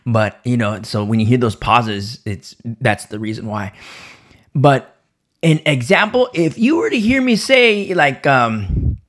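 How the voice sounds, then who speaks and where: Male Bible teacher with a sore throat, lively swooping delivery, restarts often. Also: medium pitch, unhurried. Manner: animated, repeats words and restarts often. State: sore throat, pausing to sip coffee. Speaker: preacher.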